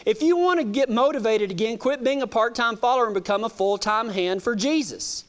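A man preaches with a drawl in a very high voice. He tells his sermon as a folksy story and stumbles over repeated words. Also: a little fast, hardly any pauses.

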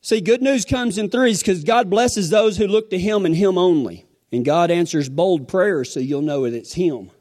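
A man preaching a sermon, telling a folksy story, then pressing his points with emphatic, animated delivery. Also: high voice, normal speed, hardly any pauses. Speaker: pastor.

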